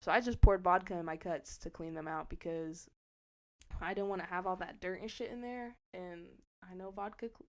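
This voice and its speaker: A young woman co-hosting a podcast, telling a story casually with lots of swearing and loud acted-out quotes. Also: fairly low pitch, normal speed. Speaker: podcast co-host.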